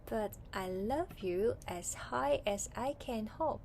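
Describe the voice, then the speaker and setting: A woman with a Hong Kong English accent voicing a big, calm, grown male hare from a storybook, read softly and slowly. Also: medium pitch, slight background noise. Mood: fond. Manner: slow, soft storybook reading.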